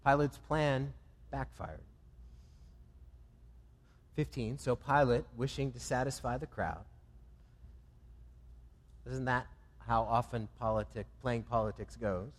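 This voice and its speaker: A man preaching a sermon, swinging between loud emphatic lines and low, quiet ones. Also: fairly even intonation, slow, pauses often, big-room sound. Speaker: pastor.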